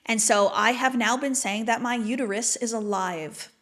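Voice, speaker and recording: Podcast guest; woman, slightly high voice, candid and reflective, conversational. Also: brisk, few pauses, fairly bright tone. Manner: candid, reflective, many "like" fillers. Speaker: podcast guest, manifestation mentor.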